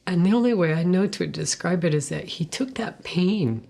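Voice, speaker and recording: A woman giving a personal faith testimony in a soft, earnest way, sometimes dropping to a hushed whisper. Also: fairly low pitch, expressive, normal speed, vocal fry. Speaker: guest sharing a testimony.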